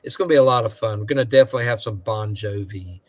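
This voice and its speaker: A man's voice: fairly low pitch, rapid-fire, no room sound. A man appearing as a guest, chatting in an easygoing way with lots of fillers. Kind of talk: casual chat.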